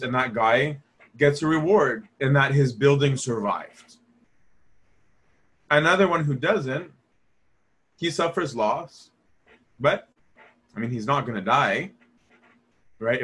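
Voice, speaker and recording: A man's voice: medium pitch, fairly bright tone, husky. A man giving a conversational Bible study lecture, asking his listeners rhetorical questions and acting out the voices he quotes. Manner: asks the audience rhetorical questions.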